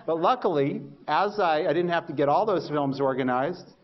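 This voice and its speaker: A male lecturer with a fairly high voice tells anecdotes about his early research in an animated style, mocking himself and acting out what he used to think. The recording sounds a little muffled. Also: normal speed. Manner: animated storytelling, acts out his past thoughts; self-mocking humor. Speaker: university lecturer.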